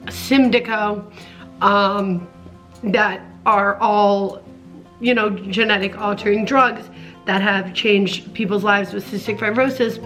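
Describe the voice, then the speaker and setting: A woman's voice: mid-range voice, fairly bright tone. A young woman talking earnestly and emotionally in a casual personal vlog at home, rambling with many restarts. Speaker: vlogger.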